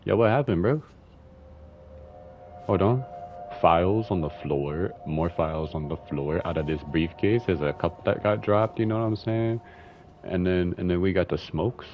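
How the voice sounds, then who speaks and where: A man's voice: low-pitched, measured pace, faint music behind. A man streaming a video game, chatting casually, swearing and humming as he reads game text aloud. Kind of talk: casual gameplay commentary. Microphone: headphones and desk mic. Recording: slightly muffled stream audio with faint hiss.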